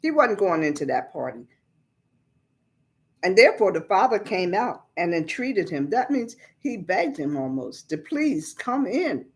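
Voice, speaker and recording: A woman's voice: fairly low pitch, big pitch swings, unhurried. A woman preacher giving a conversational Bible lesson, explaining scripture in plain everyday words.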